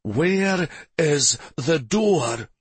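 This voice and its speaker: A man voicing a steady warrior prince who gives firm orders and speaks softly to the frightened, in a storybook reading. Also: fairly high pitch, a little slow, breathy edge, dry recording, voice pushed up, full character voice. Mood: commanding. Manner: firm, demanding; gentle with the frightened. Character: commanding, steady young male prince warrior.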